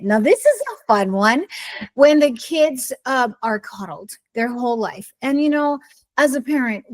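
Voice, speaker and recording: A middle-aged woman talking casually to camera as a blogger, opinionated and emphatic, often wandering and restarting her sentences. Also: fairly high pitch. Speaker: blogger sharing personal experience.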